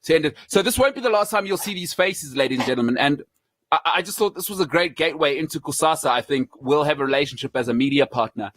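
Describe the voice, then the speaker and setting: A man's voice: a little high, lively intonation, fast, fairly bright tone, slight background noise. Effusive stammering male talk host. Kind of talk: casual chat.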